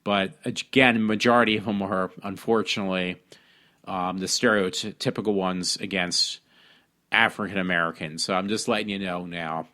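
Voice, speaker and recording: A man from hosting a casual talk show, reading news stories aloud and commenting on them with many ums, pauses and restarts. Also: deep voice, steady tone, sharp tone. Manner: reads articles aloud with frequent ums and restarts. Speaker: podcast host.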